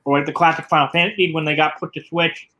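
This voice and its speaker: A man chatting casually, telling a story with quick asides. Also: fairly high pitch, steady tone, sharp tone, low-quality recording. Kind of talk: casual podcast chat.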